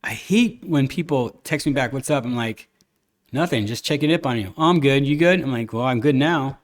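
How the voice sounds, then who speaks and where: A man's voice: mid-range voice, animated, brisk. A man hosting a podcast, telling stories and opinions in a candid, rambling casual chat. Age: adult, a father. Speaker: podcast host.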